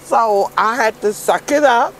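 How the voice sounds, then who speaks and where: A woman from Brooklyn, New York, with a fairly high voice and measured pace is heard over slight background noise on a low-quality recording. As an interview guest, she candidly and emotionally tells her hard life story in blunt, street-style speech.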